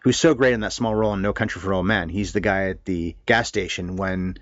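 A man co-hosting a casual film discussion, animated and blunt, with some swearing. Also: sits low, a little fast, dry recording, muffled recording. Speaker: film podcast co-host.

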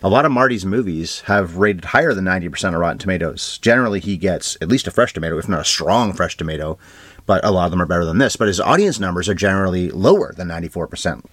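A man co-hosting a film podcast, running briskly through award trivia and box office numbers with dry asides. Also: low voice, animated, fairly bright tone, breathy edge, dry recording. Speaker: podcast co-host. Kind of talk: casual film review chat.

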